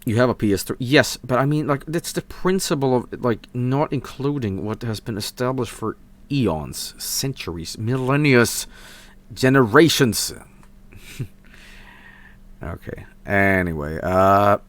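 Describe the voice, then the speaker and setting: A young Swedish man with a Swedish accent, chatting casually on a live stream, excitable and profane, swinging from mumbles to shouts. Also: mid-range voice, unhurried. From Sweden.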